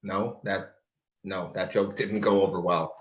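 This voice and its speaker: A man's voice: low voice, fairly even intonation. Jokey man in an echoey gym. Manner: halting, many fillers and restarts, jokey. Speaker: podcast co-host. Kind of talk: casual chat with jokes. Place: large empty school gym. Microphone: computer mic on a video call. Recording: echoey gym, dull call audio.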